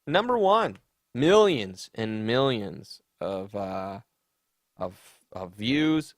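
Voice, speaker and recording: A man's voice: on the low side, very animated, extremely slow, no echo, clean studio sound. A man hosting a comedy podcast, chatting casually and mockingly about online drama. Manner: sarcastic, mocking, with sassy put-on voices for quotes. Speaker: podcast host.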